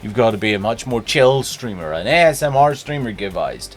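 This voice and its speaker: A man's voice: fairly low pitch, big pitch swings, fairly quick, soft background music. A man with a Northern Irish accent hosting a live stream, chatting casually and greeting viewers by name. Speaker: streamer host.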